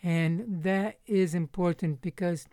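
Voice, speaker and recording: Woman commentator reading and explaining scripture; low, dry, close delivery. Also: mellow, dry recording. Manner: measured, explanatory, emphatic on quoted verses. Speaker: Bible commentator.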